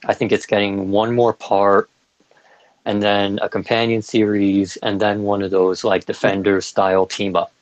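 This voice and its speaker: A man's voice: fairly low pitch, little pitch movement, moderate pace, no echo, poor audio. A young man co-hosting a podcast in casual chat, enthusiastic and chatty, stumbling through restarts. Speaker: podcast co-host.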